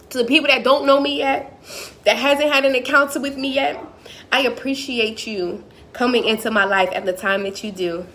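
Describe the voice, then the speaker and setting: A woman's voice: fairly high pitch, fairly bright tone, a little hiss or hum. A woman motivational speaker on a live stream, talking emphatically and repetitively in a preacherly way.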